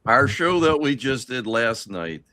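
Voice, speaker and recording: A man's voice: mid-range voice, big pitch swings, unhurried, bright, forceful tone, no room sound. A man hosting a casual chat show, talking in a blunt, enthusiastic way. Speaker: podcast host.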